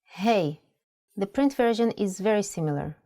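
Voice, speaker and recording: A woman's voice: mid-range voice, lively intonation, mellow. Teacher woman. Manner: clear, slow spelling-out of sounds. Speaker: Hebrew language teacher. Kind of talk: scripted lesson narration.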